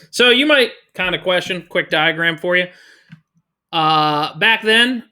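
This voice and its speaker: Energetic male teacher, bright tone, chatty and joking. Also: fairly high pitch. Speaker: history teacher. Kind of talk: casual classroom lecture.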